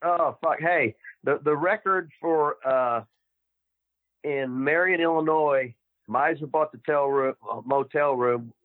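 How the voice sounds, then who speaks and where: An older man, a former wrestler guest on a podcast, talking in a blunt, profane, gruff way. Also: fairly high pitch, takes it slowly, no room sound. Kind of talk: casual interview. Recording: tinny dry phone line.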